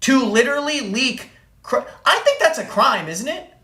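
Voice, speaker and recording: A woman's voice: sits high, very animated, normal speed, bright, forceful tone, reverberant. A woman streamer telling a story in an angry, profane rant, repeating phrases for emphasis. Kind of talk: ranting live-stream story.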